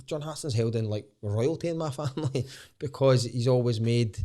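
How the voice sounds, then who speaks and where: A Scottish man in his thirties, a stand-up comedian guesting on a podcast, telling lively anecdotes with casual swearing. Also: mid-range voice, normal speed. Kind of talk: casual storytelling chat.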